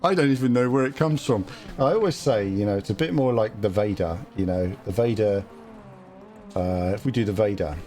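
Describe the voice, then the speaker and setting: A man's voice: fairly low pitch, moderate pace, warm tone, soft background music. A man chatting casually as a game streamer, jokey and rambling. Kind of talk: casual livestream chat.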